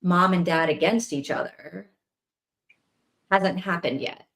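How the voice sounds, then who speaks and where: Book club co-reader, woman, thoughtful and speculative, relaxed casual chat. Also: on the low side, takes it slowly.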